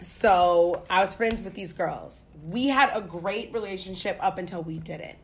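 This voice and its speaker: A young woman from the United States telling a story in casual chat, profane and animated. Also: on the low side, measured pace, a little hiss or hum.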